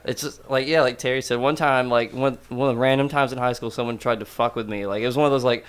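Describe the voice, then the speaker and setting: A young man, from Tennessee, telling a profane, animated story in casual chat full of fillers. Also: mid-range voice, fast, smooth.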